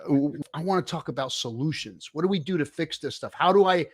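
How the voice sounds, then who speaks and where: A man hosting a casual online chat with a slightly raised pitch. His manner is folksy and easygoing. He rambles and loses his thread with "you know" fillers. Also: brisk, a little hiss or hum. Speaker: host.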